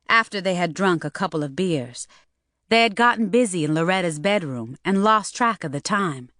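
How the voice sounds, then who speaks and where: Woman reading a novel aloud, low voice, steady, dry close sound. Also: no room sound. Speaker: audiobook narrator. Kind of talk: scripted narration.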